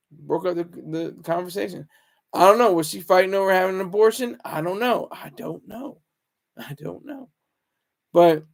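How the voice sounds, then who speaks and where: A man talking in a casual, rambling monologue, often restarting his sentences and chuckling to himself. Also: high-pitched. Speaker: vlogger.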